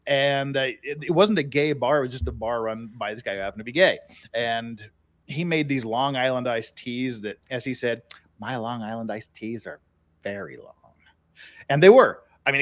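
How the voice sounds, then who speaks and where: A man's voice: medium pitch, normal speed. A man hosting a podcast, telling rambling anecdotes in a casual, easy-laughing way. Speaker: podcast host.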